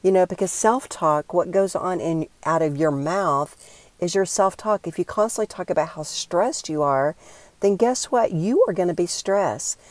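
An older woman with a low voice gives a devotional talk, earnest and encouraging as she guides listeners in prayer. The sound is dry and close, with no room around her. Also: moderate pace, darkish tone, no room sound. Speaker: Christian speaker.

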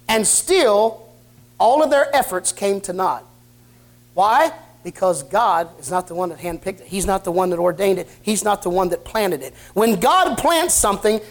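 Folksy man preaching a sermon. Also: high-pitched. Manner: folksy storytelling preacher, plain colloquial speech. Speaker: pastor. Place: church service with congregation answering.

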